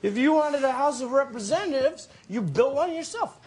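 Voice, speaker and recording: An actor playing a drunk, rambling uncle who rants that the old days were better, in a TV comedy sketch. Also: male voice, very high voice, lively intonation, normal speed. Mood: grumbling. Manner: slurred, rambling, ranting about the old days. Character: drunk grumbling nostalgic middle-aged male uncle. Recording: played-back TV clip with loud hiss.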